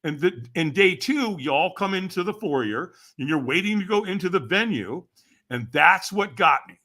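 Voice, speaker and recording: A man's voice: high-pitched, lively intonation, normal speed, bright, forceful tone. An older man, a podcast guest, telling a story with energy and acting out the voices of the people in it. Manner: acts out quoted voices, laughs often. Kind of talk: animated storytelling.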